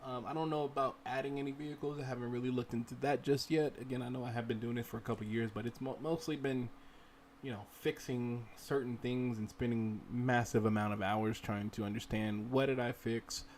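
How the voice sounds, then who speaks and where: A man's voice: mid-range voice, steady tone, fairly quick, darkish tone, a little hiss or hum. A man hosting a casual screen-share game modding tutorial, rambling as he works and urging viewers to try things themselves. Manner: rambling, talks to viewers directly and urges them on. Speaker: gaming livestream host.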